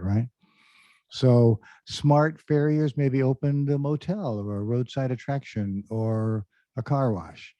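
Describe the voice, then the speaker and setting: Quizzing his audience over a video call, a man delivers an online career talk in a conversational tone packed with fillers. His medium-pitched voice is warm with fairly even intonation at normal speed, and the recording is dry, with the dull lo-fi quality of a computer mic.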